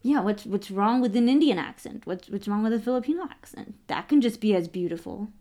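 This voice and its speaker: A young adult woman talking in a lively, expressive way in a casual chat. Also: mid-range voice. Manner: lively, expressive, quick to agree.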